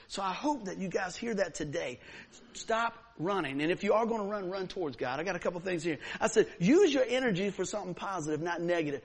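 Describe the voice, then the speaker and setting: A man preaching a sermon, telling a story with lively, acted-out moments. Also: sits high, slightly rough. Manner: animated storyteller, acts out scenes. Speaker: pastor.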